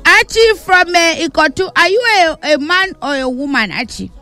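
A Nigerian woman hosting a morning radio show, giving lively, singsong greetings and shout-outs that mix in Pidgin. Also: sits high, normal speed, over music. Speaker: radio host.

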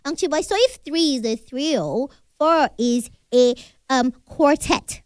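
High-voiced playful young woman co-host. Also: measured pace, dry recording, studio quality. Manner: playful, mock-serious teasing. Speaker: radio co-host. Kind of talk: casual radio banter. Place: radio studio.

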